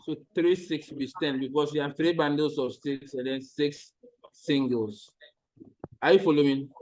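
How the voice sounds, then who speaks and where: A man's voice: fairly high pitch, a little slow, darkish tone, rough recording. A man teaching maths in an online lesson, patiently repeating each step and checking that the students follow.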